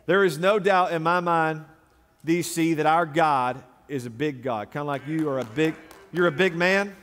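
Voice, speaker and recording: Pastor, man, high voice, dramatic preacher who drops to a hush, live in a reverberant sanctuary. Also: normal speed. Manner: dramatic, swinging from loud declarations to hushed low lines. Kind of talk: sermon. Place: large church sanctuary. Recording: long reverb of a large sanctuary.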